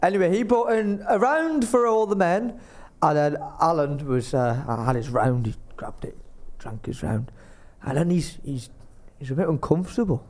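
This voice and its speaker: A man's voice: on the high side, animated, normal speed, hardly any pauses, a little mellow. A young man on a comedy podcast, rambling through a travel anecdote and acting out the people he met. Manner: rambling anecdotes, acts out other people's lines. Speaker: podcast co-host telling a travel story. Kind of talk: casual comedic storytelling.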